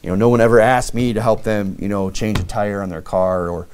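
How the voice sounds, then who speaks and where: A man preaching a sermon in a conversational way, with frequent fillers and lively acted-out dialogue. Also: fairly low pitch, brisk, a little hiss or hum. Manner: conversational preaching, many "you know" fillers, acts out lively quoted dialogue. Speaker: pastor.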